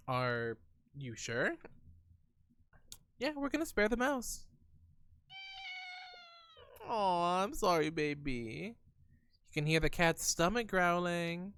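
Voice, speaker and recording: A man's voice: high-pitched, big pitch swings, slow, long pauses, fairly bright tone, smooth, dry recording. A male streamer reading a text adventure aloud in a theatrical way, with playful asides between passages. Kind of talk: reading a text game aloud while playing.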